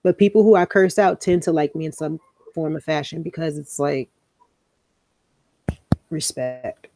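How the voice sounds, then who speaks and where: A young woman co-hosting a podcast tells a story in casual chat, animated, loose, and profane, slipping into the voices of the people she quotes. Her deep voice is mellow and warm and unhurried, recorded close and dry with no room sound.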